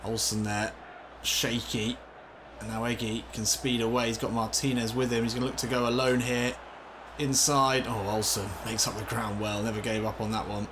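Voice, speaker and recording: A young man commentating his own football video game, getting excited and swearing when things go wrong. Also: medium pitch, moderate pace, background noise. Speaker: gaming commentator. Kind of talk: let's play commentary.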